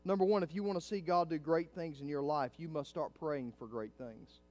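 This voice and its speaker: A middle-aged male pastor preaching a sermon in a church, swinging from hushed, low passages up to loud, fervent climaxes. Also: a little fast.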